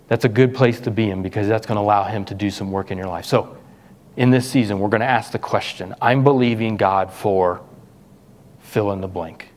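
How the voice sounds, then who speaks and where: A middle-aged pastor preaching a sermon, animated, his voice jumping up when he acts out questions to God. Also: moderate pace. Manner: animated, voice jumps high when acting out questions.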